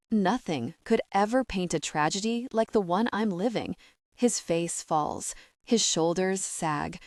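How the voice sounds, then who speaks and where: A woman's voice: lowish voice, dry recording, studio quality. Intense woman narrating a romance audiobook.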